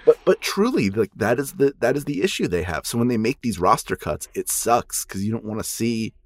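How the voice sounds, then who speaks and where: Male host, low voice with lively swings in pitch, reflective and questioning. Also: a little fast, dry recording, clean studio sound. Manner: thoughtful, musing aloud, asks questions. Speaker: podcast host. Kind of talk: casual chat.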